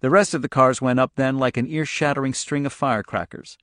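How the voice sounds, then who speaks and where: A man reading a novel aloud as an audiobook narrator, telling the story in a steady, measured way. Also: mid-range voice, no room sound, studio quality. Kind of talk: scripted narration.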